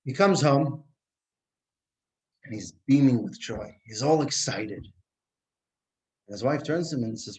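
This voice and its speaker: Animated man telling a Torah parable. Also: mid-range voice, a little slow, long pauses, low-quality recording. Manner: animated storyteller, restarts and Hebrew terms. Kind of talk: Torah class storytelling.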